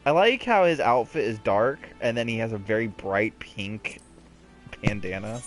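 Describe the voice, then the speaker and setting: A man's voice: fairly low pitch, expressive, normal speed, faint music behind. A man chatting playfully and laughing often while playing a video game with a friend. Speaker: let's play co-host. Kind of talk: casual gameplay chat.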